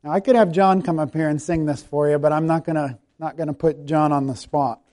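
Male pastor, slightly higher voice with a relaxed, warm tone. Chatty sermon delivery, self-effacing, soft prayerful ending. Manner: conversational, self-deprecating preaching that softens to a quiet prayerful close. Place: church sanctuary.

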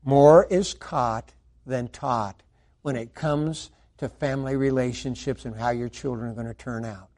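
A middle-aged man preaching a sermon, swinging between loud emphatic lines and hushed asides. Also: medium pitch, measured pace.

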